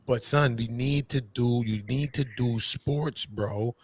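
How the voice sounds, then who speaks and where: A man's voice: medium pitch, slow, husky. A man hosting a casual podcast chat, emphatic and slangy, repeating himself to drive points home. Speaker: podcast host.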